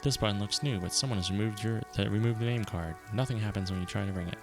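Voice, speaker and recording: A man streaming a video game, reading its narration aloud and reacting with quick casual asides. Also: fairly low pitch. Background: game music.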